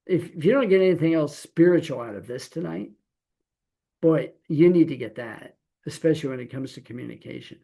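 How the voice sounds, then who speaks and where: A middle-aged man gives a Torah teaching in a relaxed sermon style, talking to his listeners as if face to face. His voice is warm and gravelly, set a little high for a man. He keeps it folksy, with playful asides and one rhetorical question after another. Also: a little fast. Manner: conversational preaching with rhetorical questions.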